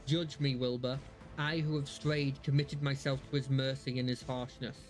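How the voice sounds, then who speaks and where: A man's voice: medium pitch, flat delivery, normal speed, soft background music, lightly acted. A man reading aloud the lines of a ruthless, cruel woman judge in a game, in a solemn, formal way. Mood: repentant.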